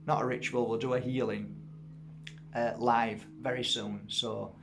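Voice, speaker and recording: A man's voice: little pitch movement, unhurried, over music. A man hosting a casual chat video as a spiritual healer, rambling and hesitant with many fillers and restarts. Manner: talks in a high sing-song baby voice to his dog.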